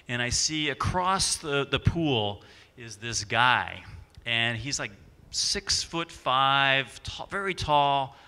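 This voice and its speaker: A man's voice: mid-range voice, expressive, slow, pushed and bright, smooth. A man moderating a conference panel, telling a chatty anecdote and acting out the voices in it. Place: conference stage. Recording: stage panel in a large hall.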